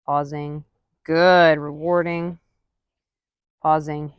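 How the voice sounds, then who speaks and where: A woman dog trainer gives unhurried commentary as she works with her dog. She keeps her asides quiet and counts softly under her breath, then bursts into high, loud praise. The recording is dry and close, with no room echo. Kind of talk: live commentary during a dog training session.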